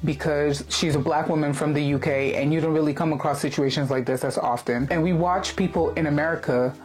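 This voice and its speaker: A woman's voice: sits low, fairly even intonation, brisk, darkish tone. A woman living in the UK giving reflective casual commentary on a video, using many "like" fillers. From lives in the UK, not British-born.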